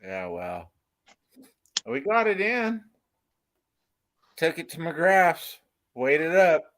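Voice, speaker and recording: A man in casual chat, telling a story with loud acted-out quotes and frequent laughter. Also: fairly high pitch, slow. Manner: animated, acts out quotes loudly, laughs often.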